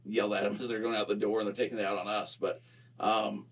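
A man's voice: lowish voice, fast talker. A man from Utah co-hosting a podcast, chatting casually in a playful, teasing way as he tells stories. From Utah, USA. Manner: playful, teasing, lively storyteller. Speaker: podcast co-host. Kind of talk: casual chat.

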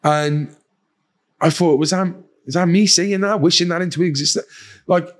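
A man's voice: fairly high pitch, normal speed. A man speaking as a podcast guest, telling his own story bluntly with heavy swearing and acting out other people's lines. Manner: blunt and heavily profane, acts out quoted voices. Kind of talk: candid personal storytelling.

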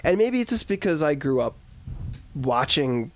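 A man's voice: on the high side, sing-song, measured pace, a little hiss or hum. A man co-hosting a podcast, chatting casually about films, rambling and joking as he goes. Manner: rambling, joking, trails off into asides. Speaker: podcast co-host. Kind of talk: casual film discussion.

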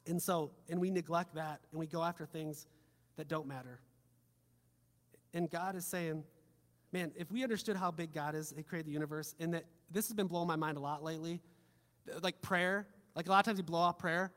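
A man preaching a sermon in a fairly high voice, his delivery swinging from loud emphatic lines to quiet, soft ones. He drops casual joking asides like a pastor talking to his own congregation. The sound carries the long reverb of a big hall. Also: fairly even intonation, brisk.

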